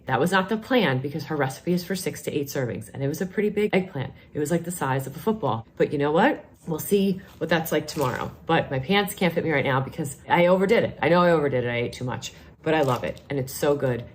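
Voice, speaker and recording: A woman's voice: low-pitched, animated, fast talker, a little hiss or hum. A middle-aged woman with a New York accent, chatting enthusiastically through a casual product review vlog. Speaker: vlogger, nurse.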